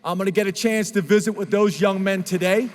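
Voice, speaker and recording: A fairly high-voiced man gives earnest, emotional press conference remarks as a head football coach. His voice rings out with the long reverb of a large room, so it sounds a little distant and washed. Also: fairly even intonation, a little fast.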